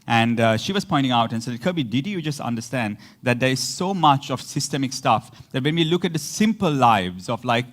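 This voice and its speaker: A man's voice: medium pitch, animated, normal speed, hardly any pauses. A man preaching a casual, conversational sermon, laughing often and acting out the people he quotes. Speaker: pastor.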